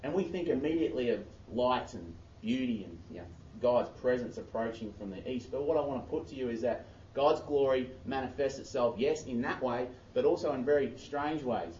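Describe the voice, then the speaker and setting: A man's voice: medium pitch, a little fast, hardly any pauses, warm tone, slight background noise. A man preaching a sermon, reading scripture aloud and breaking off into chatty asides. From Australia. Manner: conversational, self-interrupting preaching with Bible reading. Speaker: pastor. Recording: echoey, distant, dull church audio.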